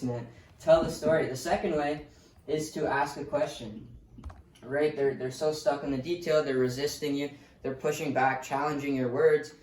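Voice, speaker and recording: A man's voice: medium pitch, a little mellow. Casting note: a man coaching on sales, laid-back and profane. Voice sits in the middle and sounds set back from the mic. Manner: casual, blunt, swears freely. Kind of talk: motivational sales lesson. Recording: roomy, distant mic, faint noise.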